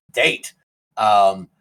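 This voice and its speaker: A man's voice: lowish voice, a bit bright, rough recording. A man acting as game master, chatting casually and rambling a bit with fillers as he wraps up a tabletop game stream.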